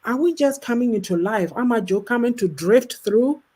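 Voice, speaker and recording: A woman's voice: fairly high pitch, lively intonation, normal speed, a little mellow, slightly rough. A woman from Ghana speaking in casual conversation, outspoken and impassioned. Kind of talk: casual chat.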